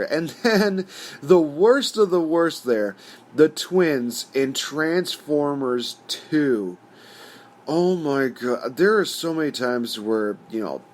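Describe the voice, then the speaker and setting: A man's voice: mid-range voice, slight background noise. Rambling casual man ranting on camera. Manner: rambling, frequent "you know" fillers. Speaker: host. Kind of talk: casual opinion rant.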